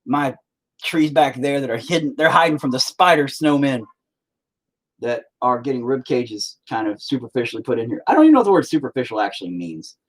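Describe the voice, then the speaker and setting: A man's voice: medium pitch, expressive, a little fast. An American man who hosts his own channel rants casually and profanely while painting, with sarcastic asides. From United States. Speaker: channel host.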